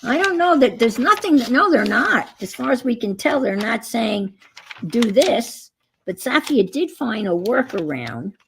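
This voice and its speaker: A woman's voice: a little high, sing-song, moderate pace, vocal fry, few pauses, a little hiss or hum. A woman hosting a casual live chat while crafting, rambling as she goes and greeting viewers by name. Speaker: craft livestream host.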